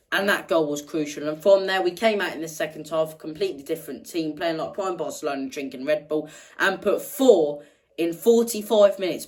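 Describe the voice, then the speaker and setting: A woman's voice: deep voice, rough recording. A woman hosting a fan match reaction, talking passionately and repeating words for emphasis. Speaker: football fan channel host.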